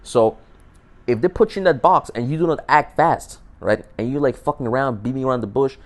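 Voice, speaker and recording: A man's voice: mid-range voice, brisk. A man telling a dating story in a casual, profane monologue, often repeating and restarting words. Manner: animated, emphatic. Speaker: dating advice vlogger.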